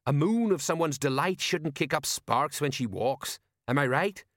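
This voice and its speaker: Guy putting on a gruff blustery watch sergeant, pushed up high, storybook. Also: animated, moderate pace, fairly bright tone, no room sound, studio quality. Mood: grumbling. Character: gruff middle-aged male city-watch sergeant.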